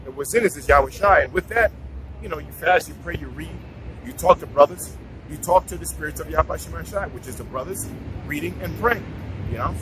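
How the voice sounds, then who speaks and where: A man's voice: a little high, lively intonation, fairly quick, a crowd in the background, poor audio. A man giving a casual scripture talk, preachy, repeating himself and restarting his sentences. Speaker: bible teacher.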